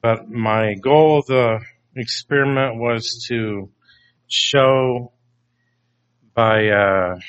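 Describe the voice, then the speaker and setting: A man preaching a sermon, slow and deliberate, often putting questions to his congregation. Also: mid-range voice, fairly bright tone, clean tone. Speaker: pastor. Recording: dull lo-fi recording.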